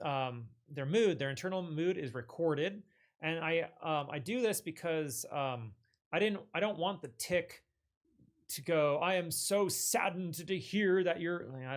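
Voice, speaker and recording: Man, slightly high voice, casual tutorial walkthrough, lots of ums, restarts mid-word. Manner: loose, filler-heavy, frequent self-corrections. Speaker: tech tutorial presenter. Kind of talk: casual screen-share walkthrough.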